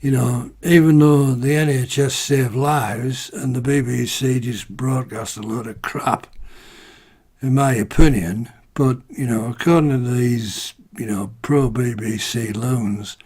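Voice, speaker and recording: A man's voice: mid-range voice, steady tone, measured pace, darkish tone, breathy edge. A man from the UK ranting to camera in a casual vlog, exasperated and rhetorical, constantly asking "right?". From United Kingdom. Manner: exasperated, rhetorical, peppered with "right?" and "you know". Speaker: vlogger. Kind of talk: casual opinion rant to camera.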